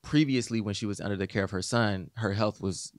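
A man co-hosting a casual podcast discussion, giving an earnest, measured opinion. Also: on the low side, no room sound, clean studio sound.

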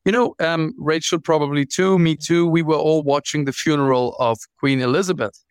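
A man guest author telling stories in an interview, animated, often restarting and repeating words. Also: a little high, moderate pace, smooth, dry recording. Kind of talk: interview storytelling.

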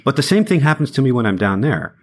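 A man's voice: mid-range voice, very animated, quick pace. A middle-aged singer-songwriter talking in a thoughtful, conversational way as an interview guest, laughing easily and restarting his phrases.

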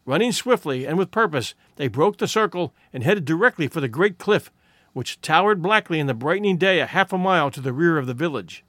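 A man reading a story aloud with drama and expression. His voice runs fairly high and moves a great deal, and it is recorded close and dry with no room sound. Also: a bit bright, dry recording. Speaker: narrator. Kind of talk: scripted audiobook narration.

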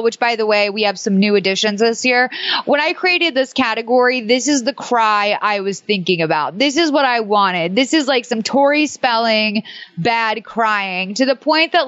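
A woman with a slightly high voice talks in a wry, rambling way, full of fillers. The sound is dull and lo-fi, and very dry. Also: fairly bright tone, dry recording. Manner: wry, chatty, many fillers like "like" and "um". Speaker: podcast co-host. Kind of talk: casual chat.

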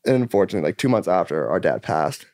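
Fast-talking young man, dry close sound. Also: sits low, expressive, darkish tone, dry recording. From California. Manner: rapid, rambling, peppered with "like" and swearing, acts out his own past dialogue. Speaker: musician guest. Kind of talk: candid casual chat.

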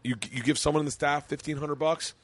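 A man's voice: on the high side, level tone, fast talker. A middle-aged man hosting a podcast, telling stories in boisterous, casual chat and swearing freely. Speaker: podcast host. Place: home studio.

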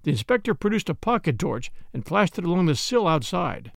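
A man narrates a classic mystery in a measured first-person read. His voice sits a touch high and moves expressively, with a gravelly texture, recorded close and dry. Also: very animated, dry recording. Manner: measured storytelling. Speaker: audiobook reader.

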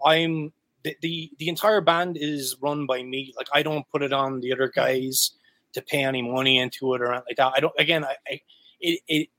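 A man's voice: a little high, fairly bright tone, no echo. A man from Ireland, a guest musician in a casual interview, talking loosely with lots of swearing and filler words. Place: his home music room.

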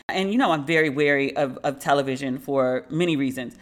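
A woman's voice: rumbling low, a little fast, hardly any pauses. A woman hosting a podcast, telling a story alone in a sardonic, mocking way and slipping into quoted voices. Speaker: podcast host. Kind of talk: solo commentary.

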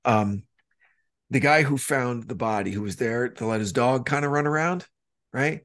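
A man's voice: medium pitch, normal speed, a bit bright. A man co-hosting a podcast in casual chat, rambling with frequent restarts and plenty of swearing. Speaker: podcast co-host.

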